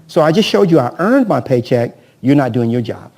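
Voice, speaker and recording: A man's voice: mid-range voice, brisk. A man training real estate agents at a live seminar. He talks energetically, keeps asking "right?" and acts out sales scripts with a volunteer from the audience. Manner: energetic, peppers talk with "right?" and questions to the audience.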